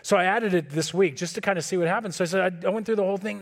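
A man preaching a sermon in a relaxed, conversational way, acting out talks with his kids. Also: high voice, racing. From California. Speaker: pastor.

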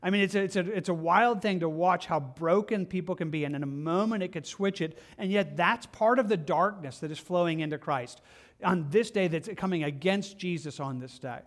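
High-pitched guy preaching, earnest and chatty, lots of restarts. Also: moderate pace. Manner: earnest, conversational preaching with repeated words and restarts. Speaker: pastor. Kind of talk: sermon.

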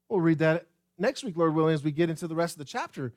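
Animated high-voiced male preacher. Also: quick pace, dry recording, clean studio sound. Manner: animated preaching with rhetorical questions and repetition; addresses the congregation directly. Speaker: pastor. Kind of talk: sermon.

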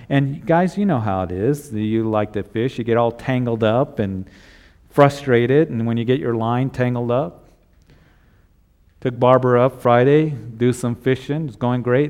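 A man's voice: medium pitch, darkish tone. A middle-aged male pastor preaching a sermon, asking a string of rhetorical questions and acting out the voices he quotes.

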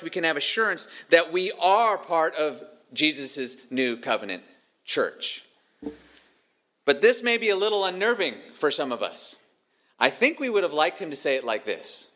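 A man's voice: a little high, bright, forceful tone. A man preaching a sermon as pastor, earnest and emphatic, repeating his key phrases.

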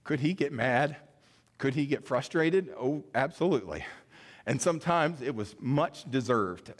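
A man's voice: mid-range voice, big-room sound. A man preaching a sermon to fathers, talking straight to his listeners, earnest and at times emotional. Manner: earnest, emotional, pauses to compose himself; addresses listeners directly. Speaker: pastor.

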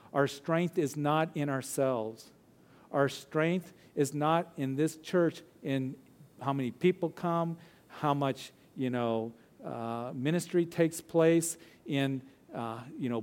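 A male pastor preaching a verse-by-verse sermon to his church. He leans hard into key phrases and slows down to drive each point home. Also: mid-range voice, darkish tone. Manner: emphatic preaching with deliberate, slowed phrases.

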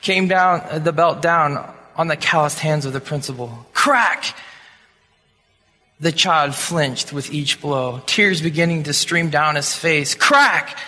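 A man's voice: a little high, unhurried, hardly any pauses, bright, forceful tone. A man telling a sermon story in a dramatic way, acting out sound effects as he goes. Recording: long hall reverb.

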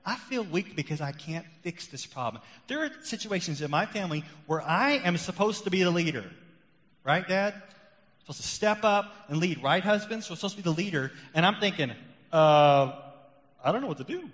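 A man's voice: high voice, expressive, normal speed. Emphatic preacher man in a reverberant hall. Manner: emphatic preacher, rising loud on key points then dropping quiet and confessional. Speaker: pastor. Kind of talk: sermon.

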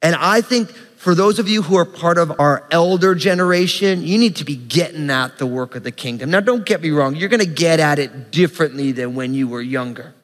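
A young adult man preaching a sermon as pastor, earnest and conversational, reading scripture and adding quick asides. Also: fairly high pitch, fairly bright tone, in a large hall.

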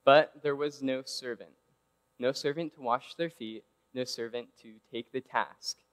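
A man's voice: mid-range voice, measured pace. Man, casual sermon, conversational, mid-range voice, long hall reverb. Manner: conversational, keeps asking "right?". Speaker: preacher.

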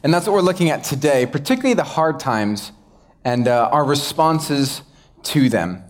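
This young pastor has a fairly high, expressive voice and a moderate pace. His sermon is conversational, casual and self-deprecating, and he acts out the exchanges he quotes.

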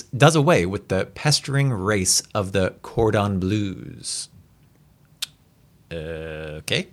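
A man casually reading an old story aloud, re-reading stumbles and adding quick asides. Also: on the low side. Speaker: reader.

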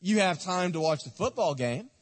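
A man's voice: high-pitched, expressive, normal speed. A man preaching a sermon as a pastor, exhorting and repeating his points, asking the congregation questions. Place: church sanctuary. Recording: echoey hall.

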